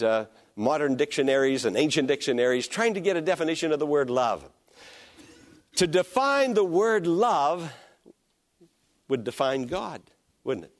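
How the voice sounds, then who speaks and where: A pastor with a voice on the high side preaches a sermon emphatically, climbing to loud peaks and sinking to hushed lines as he leads the congregation in call and response.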